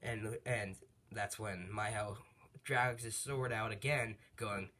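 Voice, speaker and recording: A man casually narrating a made-up fan story, rambling with fillers and quick asides. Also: fairly low pitch, fairly even intonation, sharp tone.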